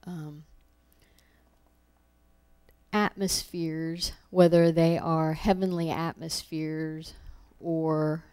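A woman's voice: low-pitched, level tone, drawn-out words, long pauses, darkish tone, smooth. A woman giving an informal sermon, telling personal stories in a conversational way with laughs, acting out her own thoughts. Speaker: preacher.

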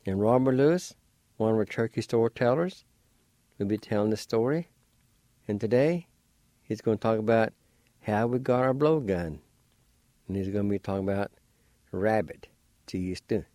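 A male radio host introduces the next segment in a calm, measured way. His voice is low and mellow, and the sound is dry and close. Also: no room sound.

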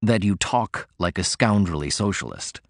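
A man reading an audiobook, voicing a stiff, formal older male lawyer, pitched a little lower. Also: expressive, normal speed, no echo, clean studio sound.

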